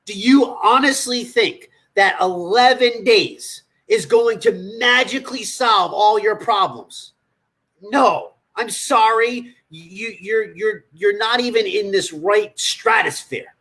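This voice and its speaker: A man speaks on a livestream as a nutrition coach, with a husky, slightly rough voice. His talk is blunt and profane, and he scolds his listeners directly. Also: sits high, slow pace, bright, forceful tone.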